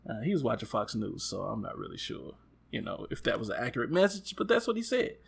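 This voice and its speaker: A man co-hosting a casual chat, telling stories with lively acted-out quotes and laughter. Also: medium pitch, fast, gravelly, slightly rough. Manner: animated, acts out quotes with loud jumps and laughs. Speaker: podcast co-host.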